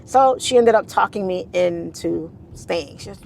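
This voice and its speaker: Gravelly-voiced woman telling a blunt story. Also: fairly low pitch, measured pace, darkish tone, slight background noise. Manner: blunt, swears casually, repeats herself for emphasis. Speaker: trader telling her own story. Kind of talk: candid storytelling vlog.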